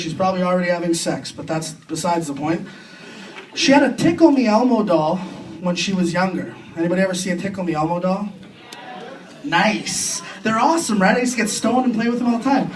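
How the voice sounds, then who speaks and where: A young Canadian man doing a crude, self-deprecating stand-up comedy set on a club stage, with quick impressions between punchlines. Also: high voice, animated. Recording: distant club recording with faint room noise.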